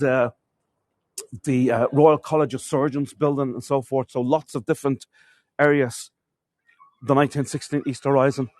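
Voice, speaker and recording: A man's voice: medium pitch, no echo. Chatty Irish tour guide man. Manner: chatty storyteller, addresses viewers as folks. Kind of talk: live walking-tour stream. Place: castle courtyard outdoors.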